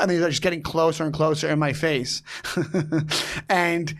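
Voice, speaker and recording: A man hosting a podcast tells a story in an easy, casual way. His voice sits a little high. He acts out the other people's lines and laughs often. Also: fast, fairly bright tone. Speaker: podcast host.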